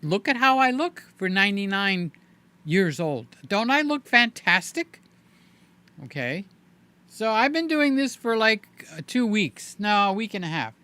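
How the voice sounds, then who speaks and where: Seventies male streamer, lively pitch, bright voice, loose joking chat. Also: measured pace, smooth. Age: 70s. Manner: chatty, animated, joking asides. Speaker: live-stream host. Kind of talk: casual live-stream chat.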